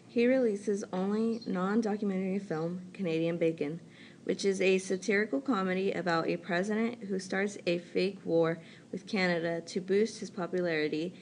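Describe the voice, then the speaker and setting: A woman narrating a documentary from a script, with a steady, read-aloud delivery. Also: medium pitch, slight background noise.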